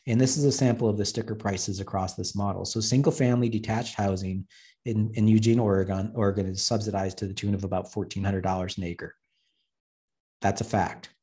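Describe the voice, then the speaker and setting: A man's voice: lowish voice, fairly even intonation, brisk, mellow. Blunt man presenting. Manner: blunt, joking, acts out quoted dialogue. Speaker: urban planner giving a webinar talk. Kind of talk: presentation with slides.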